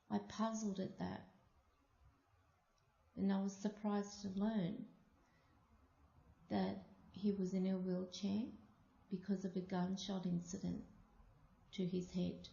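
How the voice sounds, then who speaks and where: A woman from Australia telling a personal story aloud, slow and deliberate. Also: mid-range voice, vocal fry, warm tone. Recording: muffled, echoey room.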